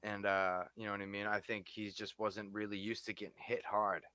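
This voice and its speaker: A man co-hosting a casual podcast, talking fights in an excitable way, swearing freely and often adding "you know what I mean". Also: on the low side, fairly quick. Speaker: podcast co-host. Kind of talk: casual fight-talk chat.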